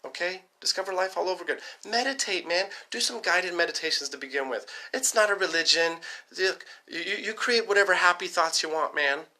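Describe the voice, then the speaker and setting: Rambling, profane man with a bright voice. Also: high-pitched, lively intonation. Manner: rambling, profane, fast-talking. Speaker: vlogger. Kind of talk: casual rant to camera.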